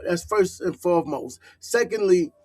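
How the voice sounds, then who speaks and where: A man's voice: high-pitched, expressive, normal speed, darkish tone, dry recording. Slangy, heated New York man, dry sound. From Harlem, New York. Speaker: vlogger. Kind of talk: casual commentary vlog.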